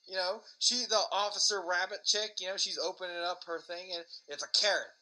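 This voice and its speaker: Bright-voiced man ranting casually. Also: sits high, steady tone, fairly quick, few pauses, soft background music, poor audio. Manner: rambling, profane, sarcastic. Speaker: podcast host. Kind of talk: casual rambling monologue.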